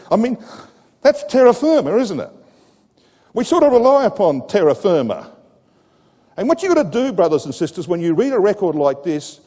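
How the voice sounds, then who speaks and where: A man preaching a sermon to a congregation, telling a scripture story with dramatic rises and a lively, animated delivery. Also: on the high side. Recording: echoey hall with long reverb.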